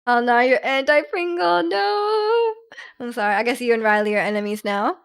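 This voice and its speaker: A woman's voice: fairly high pitch, very animated, moderate pace, vocal fry, smooth. A young woman streamer chatting casually with her viewers, rambling with lots of fillers and restarts.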